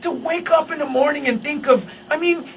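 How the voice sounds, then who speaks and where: A male comedian riffing as a guest on a radio morning show, shouting punchlines and laughing through his rants. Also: extremely high pitch, brisk, far from the mic, a little hiss or hum. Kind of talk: loud stand-up style riffing. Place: radio studio.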